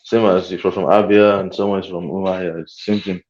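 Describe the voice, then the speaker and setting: Lowish male voice, dull lo-fi call audio, quick asides in panel chat. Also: little pitch movement, a little mellow. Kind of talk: casual discussion.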